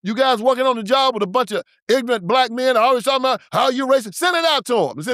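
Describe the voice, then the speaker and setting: A man's voice: very high-pitched, big pitch swings, quick pace, fairly bright tone, no room sound, clean studio sound. A man hosting his own show, delivering an emphatic, preachy and confrontational political commentary monologue. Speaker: show host.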